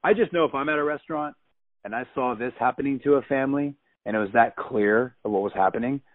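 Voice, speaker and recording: A man's voice: mid-range voice, fast, no echo. Emphatic man telling a story on a tinny line. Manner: animated, emphatic retelling. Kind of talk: personal storytelling. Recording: dry tinny phone-like sound.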